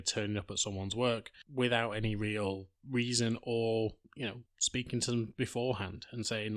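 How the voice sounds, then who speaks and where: Male podcast host, low and even, dry mic, casual blunt retelling. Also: no echo. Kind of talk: TV recap podcast.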